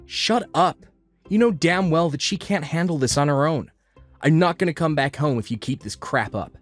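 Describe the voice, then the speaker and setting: A forceful, protective husband, as a woman plays him in a manga dub, pushing his voice lower and loud. Faint music sits underneath. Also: expressive, normal speed. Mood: angry. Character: angry, protective young husband.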